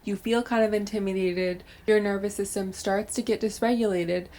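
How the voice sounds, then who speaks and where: Woman giving brisk self-help coaching. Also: medium pitch, steady tone, dark tone. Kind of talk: direct-to-camera advice monologue.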